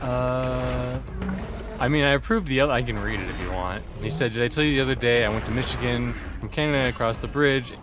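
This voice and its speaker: A man's voice: mid-range voice, a little fast. A man chatting casually on a game stream, making dry teasing quips at his co-host. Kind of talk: casual gaming stream chat. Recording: noisy background.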